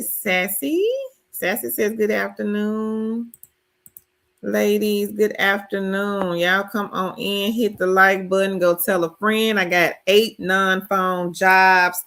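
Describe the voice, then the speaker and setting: Woman livestream host, unhurried delivery, reads chat names aloud. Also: medium pitch. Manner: warm greetings, reads viewer comments aloud. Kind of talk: casual live-stream chat.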